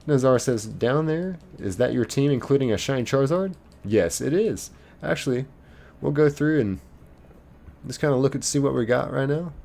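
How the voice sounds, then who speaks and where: A man's voice: medium pitch, expressive, normal speed, vocal fry, darkish tone. A man live streaming a game, reading viewers' chat messages aloud and answering them playfully. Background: faint game music.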